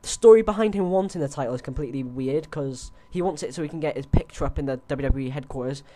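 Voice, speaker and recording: A man's voice: medium pitch, fast talker, mellow, slight background noise. A young man on a headset, chatting loosely through his predictions with lots of fillers and restarts. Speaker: host. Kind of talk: casual wrestling predictions chat.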